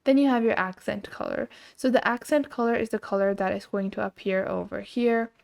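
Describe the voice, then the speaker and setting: A woman hosting a screen-recorded software tutorial, explaining each step casually and with filler words. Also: medium pitch, steady tone, fairly quick, gravelly. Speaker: tutorial host.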